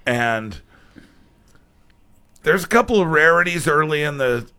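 A man's voice: on the high side, animated, a little slow, bright, forceful tone. A man hosting a morning radio show, reading the weather and promos and bantering with his cohosts. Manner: upbeat, reads weather and promos, laughs with cohosts.

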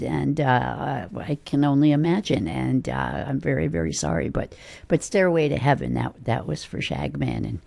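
Lively, chatty woman radio DJ. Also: sits low, gravelly. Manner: chatty, loose and self-deprecating. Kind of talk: casual radio chat and weather read. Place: radio studio.

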